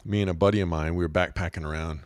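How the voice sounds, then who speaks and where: A man's voice: low-pitched, fairly even intonation, rapid-fire, clean tone, no room sound. A middle-aged man hosting a show in a rambling, joking monologue. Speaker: podcast host. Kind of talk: casual comedic monologue.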